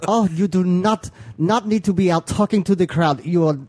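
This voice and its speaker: A man voicing a bossy German bar owner in a put-on German accent, scolding slowly and clipped. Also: high-pitched, heavy background noise, pitched above the performer's own voice, natural voice.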